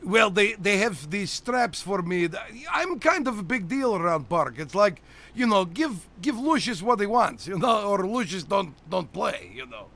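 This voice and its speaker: A man's voice: sits high, big pitch swings, normal speed, gravelly, a bit bright, exaggerated voice. A man playing a boastful, teasing 212-year-old theme-park host who runs a comedic game show. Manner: brash, teasing, theatrical.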